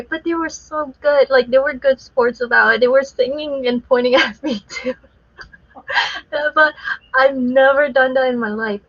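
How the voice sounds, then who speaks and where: A woman with a bright, somewhat high voice chats casually as a guest artist, laughing often as she tells her story. The sound is muffled and lo-fi, like a dull online call. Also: normal speed.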